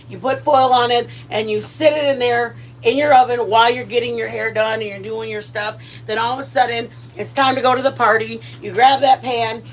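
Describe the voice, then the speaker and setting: High-voiced chatty middle-aged woman. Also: a little hiss or hum. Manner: rambling, chatty and self-deprecating. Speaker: home cooking vlogger. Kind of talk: casual chat.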